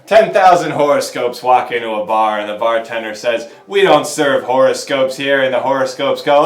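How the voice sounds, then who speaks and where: A man performing improv comedy, delivering punchlines in an animated way. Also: mid-range voice, normal speed, hardly any pauses. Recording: echoey room.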